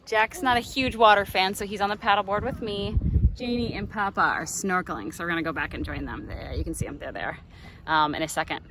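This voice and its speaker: A woman's voice: mid-range voice, brisk. A woman chatting casually as a mother vlogging her family trip, with lots of ums and restarts, outdoors on the water. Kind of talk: casual family travel vlog. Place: outdoors on a paddle board on the water. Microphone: handheld camera. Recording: outdoor camera audio with loud water noise.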